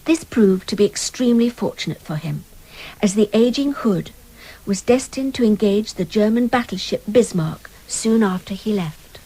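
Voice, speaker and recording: Mellow woman narrating a radio tribute. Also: medium pitch, expressive, moderate pace, slightly rough, low-quality recording. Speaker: presenter.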